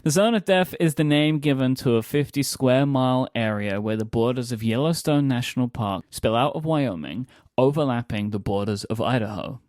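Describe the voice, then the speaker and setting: Goofy male co-host, mid pitch, playful read, dead studio sound. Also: normal speed, few pauses, a little mellow, no room sound. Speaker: podcast co-host. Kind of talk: scripted comedy podcast banter.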